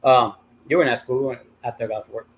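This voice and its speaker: A man's voice: mid-range voice, steady tone, racing. A middle-aged man telling a long story in a casual, rambling way, swearing freely and filling gaps with many ums and uhs. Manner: profane, rambling with many fillers. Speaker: livestream host.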